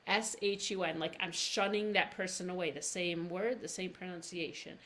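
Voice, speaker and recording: A woman teaching pronunciation in a live-streamed lesson, drawing words out slowly and breaking them into syllables. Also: lowish voice, fairly even intonation, a bit bright. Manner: slow, drawn-out demonstrations of words, syllable by syllable. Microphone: livestream camera mic.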